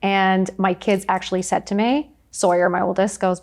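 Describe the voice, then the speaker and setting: A woman's voice: mid-range voice, flat delivery, moderate pace, darkish tone. A woman in her fifties, a podcast guest, telling stories in a chatty, emphatic way with lots of "like". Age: 50s. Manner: chatty, emphatic storyteller, frequent "like". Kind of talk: candid conversational interview.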